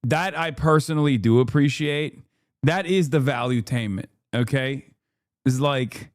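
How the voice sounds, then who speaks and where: A man's voice: on the high side, measured pace, dry recording. Sarcastic, profane male streamer, dry mic. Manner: crude, sarcastic, laughing often. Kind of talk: live stream reaction commentary.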